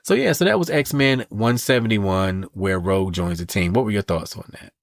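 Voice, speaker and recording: A man co-hosting a podcast, casually recapping a comic book story in a sassy, animated way. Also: lowish voice, moderate pace, gravelly, dry recording, studio quality. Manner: animated and sassy, reads quotes in voices. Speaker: podcast co-host.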